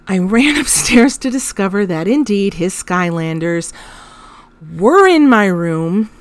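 A woman in her thirties hosts a podcast, telling a story about her son in a wry, self-deprecating monologue. Her mid-range voice moves slowly, picking up animation whenever she gets exasperated.

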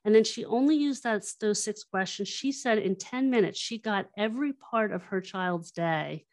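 A woman guest, a workshop trainer, explaining her methods and telling stories, acting out quoted lines in an animated way. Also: medium pitch, normal speed. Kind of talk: explanatory interview talk.

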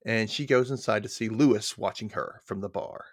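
A man's voice: lowish voice, moderate pace, dry recording, clean studio sound. A man co-hosting a podcast, casually recapping a story and acting out its quoted lines. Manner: chatty, retells scenes with quoted lines. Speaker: podcast co-host.

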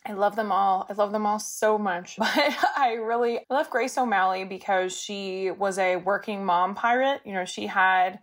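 A woman's voice: medium pitch, moderate pace, hardly any pauses. A woman lawyer and expert giving an enthusiastic, chatty interview answer.

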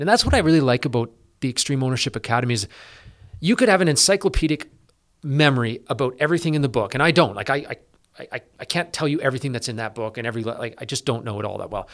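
A middle-aged man from Canada talks fast in a relaxed interview. He speaks at a normal pitch and keeps restarting his sentences, full of "like" and "you know". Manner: energetic, quick, with many fillers and restarts. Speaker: police officer guest. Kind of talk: casual interview conversation.

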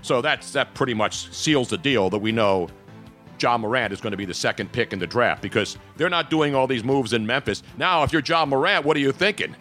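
A man's voice: medium pitch, lively intonation, brisk, a bit bright, faint music behind. A man hosting a casual sports talk show, joking and rambling between topics.

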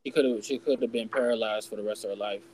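A man's voice: lowish voice, steady tone, fast, a little mellow, a little hiss or hum, low-quality recording. A young man in casual podcast chat, telling a personal story candidly, swearing freely and acting out what people said. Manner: candid, swears freely, acts out quoted voices. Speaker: podcast host.

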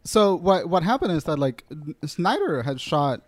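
A man's voice: fairly high pitch, very animated, normal speed, no echo. A man co-hosting a casual podcast chat, bantering bluntly and joking. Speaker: podcast co-host.

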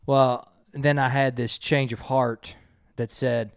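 Rambling man, smooth dry voice. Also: medium pitch, flat delivery, takes it slowly, dry recording. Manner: rambling storyteller with stammered restarts. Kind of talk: casual chat. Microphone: headphones with a mic on a remote call.

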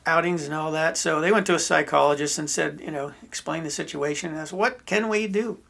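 A man's voice: a little high, level tone, quick pace, gravelly, a bit bright. A middle-aged man hosting a podcast, telling a story in a rambling, folksy way with many restarts. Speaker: podcast host. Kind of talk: casual storytelling chat.

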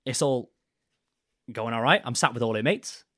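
A man's voice: mid-range voice, normal speed, no echo. Young guy telling a wild travel story, voice jumps all over, dry sound. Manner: animated, acts out quoted voices. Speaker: podcast guest, adventurer. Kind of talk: casual storytelling.

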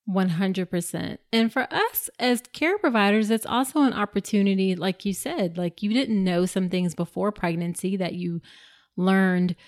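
A woman's voice: mid-range voice, normal speed. A woman hosting a podcast as a maternity care provider, speaking casually and affirmingly with frequent fillers. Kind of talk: conversational interview.

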